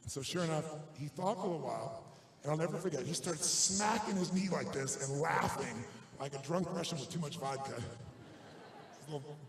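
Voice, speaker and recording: A man's voice: on the high side, a little fast. A man giving a motivational seminar talk to a live audience, telling stories in an intense, emphatic way with punchy repetition. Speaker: motivational speaker. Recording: roomy hall with faint noise.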